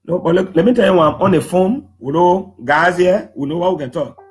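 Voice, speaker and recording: Liberian English man, 30s, high voice, emphatic public storyteller who acts out quotes. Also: fairly quick. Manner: lively, emphatic, slips into quoting others in put-on voices. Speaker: human rights defender speaking to the public. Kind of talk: animated storytelling talk.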